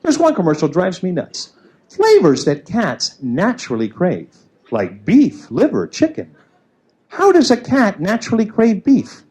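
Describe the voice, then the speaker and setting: A man with a high voice performs stand-up on a club stage, speaking a little slowly. He's animated and acts out little voices in his bits. The noisy early-90s club taping catches audience laughter behind him.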